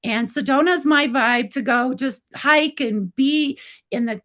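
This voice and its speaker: Higher-voiced chatty woman in her fifties. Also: unhurried, fairly bright tone. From Arizona, USA. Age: 50s. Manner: chatty, acts out others' lines in quotes, many "like" fillers. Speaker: guest. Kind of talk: personal storytelling in conversation.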